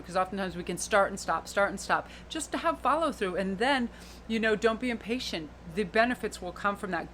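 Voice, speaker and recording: A woman giving a pick-a-card tarot reading in an expressive, flowing, spiritual way. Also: medium pitch, slight background noise. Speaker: tarot reader.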